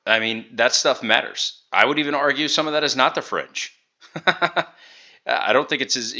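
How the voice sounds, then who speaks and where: Sharp, deep-voiced sarcastic male commentator. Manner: sarcastic, critical. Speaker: commentator reacting to clips. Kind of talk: reaction commentary.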